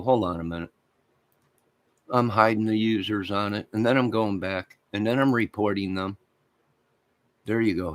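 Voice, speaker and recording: A man hosting a livestream, rambling crudely and talking to his chat viewers. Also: on the low side. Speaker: livestream host.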